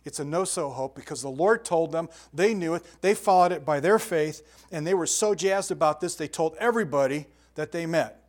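An older man giving a sermon as pastor, telling lively stories with sound effects and asides. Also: fairly high pitch, fairly quick, few pauses.

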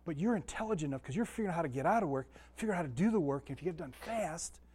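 A man's voice: fairly high pitch, animated, rapid-fire, a little mellow, husky. Chatty man teaching a Bible class. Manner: folksy, chatty, asks the room questions. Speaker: Sunday school teacher.

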